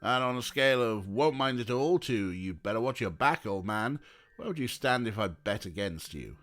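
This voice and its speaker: A man voicing a wry, teasing older father with a dry, low-key manner. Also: expressive, moderate pace, a bit bright, close to an everyday voice.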